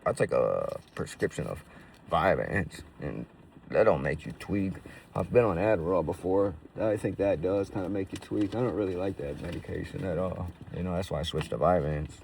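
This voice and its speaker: A man's voice: low voice, animated, moderate pace, gravelly, darkish tone, far from the mic, a little hiss or hum. A man casually telling stories to camera in profane, slangy street talk full of fillers. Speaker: roofing business owner.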